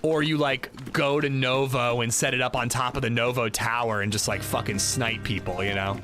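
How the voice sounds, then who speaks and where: A man's voice: medium pitch, steady tone, moderate pace, music in the background. A man streaming a game, chatting casually and rambling, with lots of filler words. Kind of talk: casual livestream gaming commentary. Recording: noisy background hiss.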